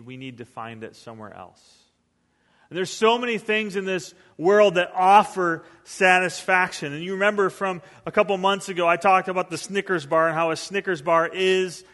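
A man's voice: high voice, fairly bright tone, big-room sound. A male pastor giving a conversational sermon, acting out the voices of the people he quotes.

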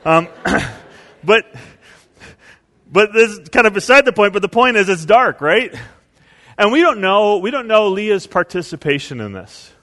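A male pastor preaching a sermon, telling stories and acting out quotes with big swings in pitch and volume. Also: lively intonation, measured pace, pauses often, a bit bright, in a large hall.

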